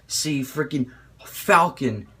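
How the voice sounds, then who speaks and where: A young man excitedly reviewing a movie in an informal, rambling way, swearing freely. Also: fairly high pitch, slow, slightly rough. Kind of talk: casual video review.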